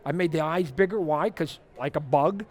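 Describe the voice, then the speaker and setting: A man's voice: on the high side, moderate pace. A man guest at a convention interview, talking with energy and acting out the people in his stories. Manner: energetic, animated, acts out quoted exchanges. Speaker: interview guest, comic artist. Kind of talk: animated storytelling interview. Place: toy fair convention floor.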